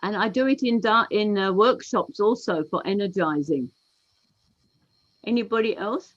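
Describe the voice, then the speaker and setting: A woman's voice: medium pitch, normal speed. A woman facilitator leading a group through a movement exercise on a video call, calling out steps and counts. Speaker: workshop facilitator. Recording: dull lo-fi video call audio.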